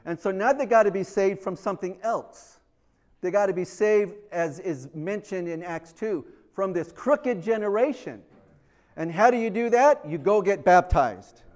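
A man preaching a sermon, telling the story with animated swings from loud to hushed. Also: high-pitched, unhurried.

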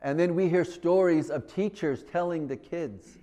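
A man's voice: fairly high pitch, moderate pace, few pauses, dark tone. A man preaching a sermon in an earnest way, often repeating himself and acting out little conversations.

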